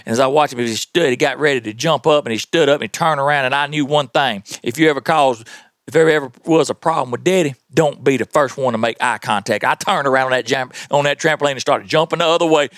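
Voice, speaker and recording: A man with a Southern US accent hosting a podcast, telling tall tales in a folksy, animated way. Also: mid-range voice, fast talker, no echo, clean studio sound. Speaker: podcast host. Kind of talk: tall-tale storytelling.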